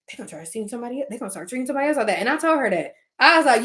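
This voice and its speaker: Emphatic, animated woman in her thirties. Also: fairly high pitch, very fast. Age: 30s. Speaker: vlogger. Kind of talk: casual spiritual monologue.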